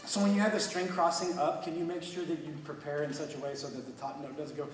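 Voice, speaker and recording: A man coaching a student orchestra, energetic and encouraging, with quick bursts of praise. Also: a little high, noisy background. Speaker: orchestra clinician. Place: large hall with an orchestra. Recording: echoey hall from far off, orchestra music.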